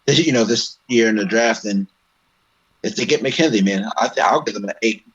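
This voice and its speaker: A man co-hosting a live sports stream in a relaxed, casual way, chiming in with short replies and remarks. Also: lowish voice, normal speed, husky. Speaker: co-host of a sports show. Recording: dull lo-fi sound.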